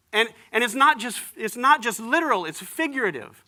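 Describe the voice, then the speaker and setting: A man's voice: very high voice, lively intonation, a little fast, bright, forceful tone. A man preaching a sermon, retelling a story in an easygoing way with slang and acted-out dialogue. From United States. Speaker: pastor. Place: church.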